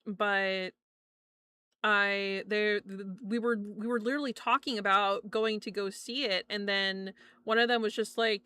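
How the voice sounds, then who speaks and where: Bright, foul-mouthed young woman streamer. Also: medium pitch, measured pace, clean tone, no room sound, clean studio sound. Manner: animated storytelling, swears often, laughs between lines. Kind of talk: casual chat stream.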